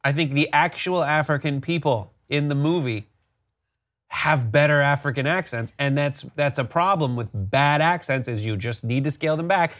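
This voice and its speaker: A man's voice: a little high, normal speed, a bit bright. Wry easygoing man co-host. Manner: wry, dry humor, easygoing. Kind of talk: casual pop-culture discussion.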